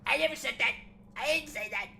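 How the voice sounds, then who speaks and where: A man doing a bombastic, bragging older politician who piles superlative on superlative and keeps repeating his catchphrases. The voice is piercingly bright, lurching between booming and hushed. A faint hiss sits under it. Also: expressive, moderate pace, exaggerated voice. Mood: blustering. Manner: exaggerated bragging, repeats catchphrases, swings loud and soft. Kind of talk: comic impression.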